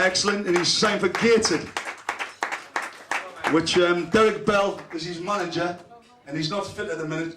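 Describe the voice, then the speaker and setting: A high-voiced man compering a football club's presentation night, ribbing each player with foul-mouthed banter. He is heard from a distance in an echoey function room, over a roaring crowd. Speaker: compere at a club awards night. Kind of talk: crude roasting banter. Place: club function room with an audience. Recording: echoey room, voice far from the mic. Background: loud crowd laughter.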